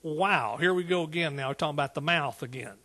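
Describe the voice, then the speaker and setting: Husky preacher man delivering a sermon. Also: on the high side, a little fast, bright, forceful tone. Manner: rises to emphatic exclaiming peaks; Southern "y'all" speech.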